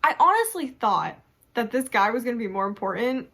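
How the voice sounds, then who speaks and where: Young woman, casual book-review chat, animated, frequent laughs, slightly high voice. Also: brisk. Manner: chatty, animated, laughs often, acts out reactions.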